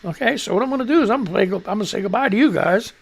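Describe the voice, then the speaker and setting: A man's voice: high-pitched, lively intonation, very fast, vocal fry. A man hosting a live radio and stream show, rambling loosely and jokily through news headlines, muttering to himself between reads. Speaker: radio and livestream host.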